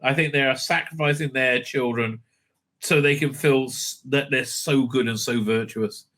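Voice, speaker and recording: A man's voice: mid-range voice, fairly even intonation, normal speed, fairly bright tone. A man hosting his own channel, giving angry, profane reaction commentary over clips, full of sneers and stammered fillers.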